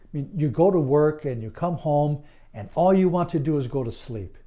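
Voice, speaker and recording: A hypnotist man talks to the listener in a calm, deliberate monologue that soothes and reassures. His voice sits a little high for a man yet sounds mellow and warm, never sharp. He leaves long pauses between phrases. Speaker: certified hypnotist. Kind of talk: slow, earnest promotional monologue.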